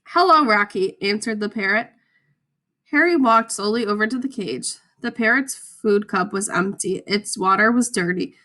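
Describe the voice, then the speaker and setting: Bright-voiced woman reading a story. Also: medium pitch, moderate pace. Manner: clear, expressive storytelling. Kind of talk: storybook read-aloud.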